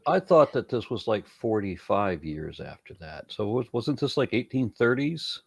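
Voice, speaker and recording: A man hosting a panel chat, reading viewer comments in a relaxed way with stumbling restarts. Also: fairly low pitch, moderate pace, gravelly, breathy edge, no echo, clean studio sound.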